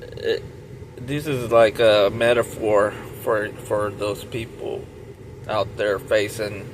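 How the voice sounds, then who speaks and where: A man telling a profane, rambling comic story, retelling what a friend said with loud swings in his voice. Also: fairly low pitch, steady tone, slow, slight background noise, rough recording. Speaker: comedian.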